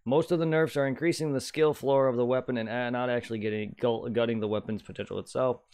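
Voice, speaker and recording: A man streams a co-op game and chats loosely with his friends. His voice sits at a middling pitch. He rambles, mutters and hums little tunes while reading menus aloud. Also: fairly even intonation, fast talker, a little mellow, smooth. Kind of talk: casual live-stream gaming chat.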